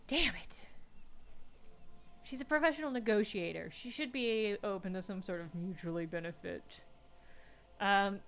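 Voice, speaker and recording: A woman's voice: medium pitch, normal speed. A woman streaming a game, reading its text aloud, doing the characters' voices and reacting playfully between lines.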